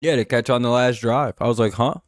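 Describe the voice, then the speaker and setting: A man's voice: mid-range voice, fairly even intonation, fast, dry recording. A man hosting a live stream, giving laid-back, dry play-by-play and chatting with viewers. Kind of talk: casual game-watching commentary.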